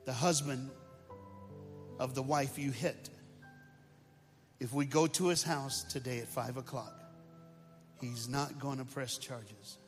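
A man doing a soft-spoken, steady father. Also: slow pace, pauses often, lightly acted. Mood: reassuring. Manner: soft, low, reassuring. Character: gentle, steady father calming his daughter. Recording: long hall reverb, faint music.

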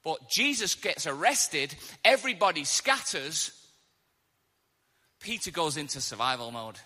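Man, sermon, animated storytelling, sharp bright tone, reverberant hall. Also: a little high, measured pace. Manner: animated storytelling with acted-out quotes. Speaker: preacher.

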